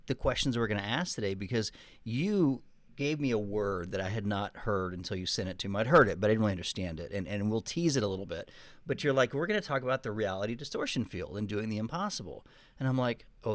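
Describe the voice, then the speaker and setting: A man from Texas with a light Texan accent, co-hosting a casual podcast with relaxed, rambling storytelling. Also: medium pitch, no room sound. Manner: easygoing, storytelling, rambling asides. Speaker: podcast co-host.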